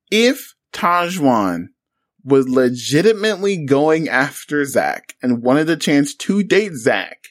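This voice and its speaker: A man co-hosting a podcast, casually recapping a reality show with animated storytelling. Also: on the high side, no room sound, studio quality. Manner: animated storytelling, acts out quotes. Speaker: podcast co-host.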